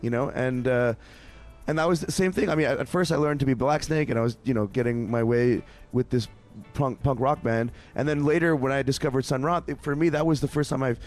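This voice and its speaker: Rambling Canadian musician, faint music behind. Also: male voice, medium pitch, a little fast. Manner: rambling, with many restarts and acted-out quotes. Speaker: interview guest, musician. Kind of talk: casual interview chat.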